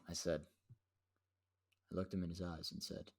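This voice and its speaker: A young man hosts his own show and tells a story in a casual, rambling way. His voice sits on the low side. He swears freely and peppers his talk with "dude". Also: husky. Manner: slangy and profane, says "dude" a lot, animated retelling. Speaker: podcast host.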